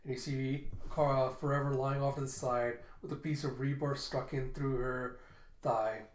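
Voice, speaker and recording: A man's voice: medium pitch, level tone, a little slow. A man who hosts a comic readthrough, casually describing the panels with fillers along the way. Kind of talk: casual comic read-aloud narration. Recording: roomy echo.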